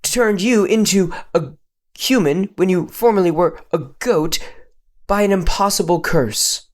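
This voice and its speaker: A man's voice: high-pitched, measured pace. Earnest young billy goat for a storybook; a man reads him, plain and sincere.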